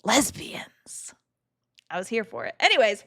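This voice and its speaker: A woman streamer talks casually to her chat while she plays, chatty and open with her feelings. Her voice sits in a middle register but swings widely in pitch. The sound is close and dry. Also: animated, normal speed, no room sound. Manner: chatty and emotional, laughing often. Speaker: game streamer.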